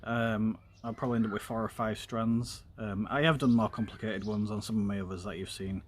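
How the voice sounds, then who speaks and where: A streamer speaks in a fairly low, steady voice while doing a craft project on camera, keeping the tutorial chat loose. Pauses get filled with ums, and he often wanders into side topics. There's faint room noise in the background.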